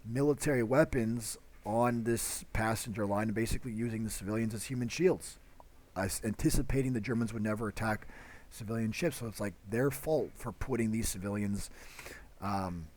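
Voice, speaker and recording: A man's voice: on the low side, moderate pace, a little mellow. A man teaching a history lesson in a loose, conversational way, full of fillers and little acted-out quotes. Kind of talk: casual classroom lecture.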